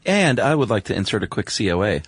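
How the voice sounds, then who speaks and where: Low, laid-back male podcast co-host. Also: sing-song, quick pace, slightly rough, no room sound. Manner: laid-back, chuckling, easygoing. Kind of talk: casual chat.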